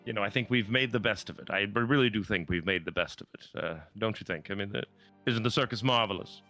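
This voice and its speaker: A man's voice: on the low side, pushed and bright, soft background music. A man voicing a theatrical male circus ringleader in a tabletop game, grandiose and pushy, stretching his words. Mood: persuasive. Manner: grandiose, wheedling, drawn-out.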